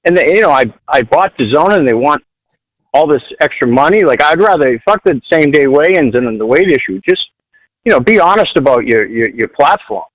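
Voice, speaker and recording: A man calling into a show from his car in traffic, his voice sitting a little high. He talks bluntly and rambles, swearing freely. The sound is dry and close. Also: expressive, brisk, no room sound, poor audio. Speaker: caller. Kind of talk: casual call-in chat.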